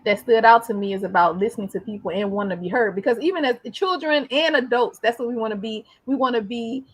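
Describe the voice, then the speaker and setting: A woman hosting a casual interview, animated and quick to repeat herself, often checking in with tag questions. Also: fairly high pitch, husky. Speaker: interview host.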